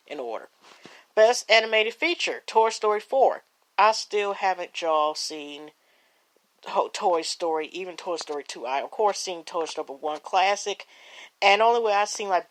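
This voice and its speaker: A woman hosting a casual solo podcast, rambling and chatty, with many fillers and restarts, calling her listeners y'all and cheering loudly at the results. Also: fairly low pitch. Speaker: podcast host.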